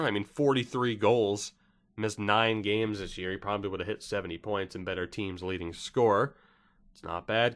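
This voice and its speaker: Chatty young man with a lowish voice. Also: fairly bright tone. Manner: chatty, wry asides, frequent self-corrections. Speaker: gaming YouTuber. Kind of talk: casual game commentary.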